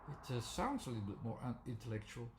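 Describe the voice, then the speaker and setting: A man explaining a method, speaking haltingly with many pauses and restarts. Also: medium pitch, big pitch swings, a little hiss or hum. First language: Dutch. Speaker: teacher. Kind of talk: unscripted explanatory talk.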